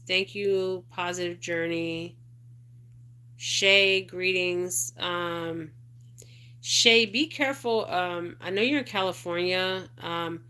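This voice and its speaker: Rambling woman host, bright voice, flat delivery. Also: fairly low pitch, clear, resonant tone. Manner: rambling, repeats "okay?" and "you guys", emotional asides. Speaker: spiritual advisor livestream host. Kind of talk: casual livestream chat reading viewer comments.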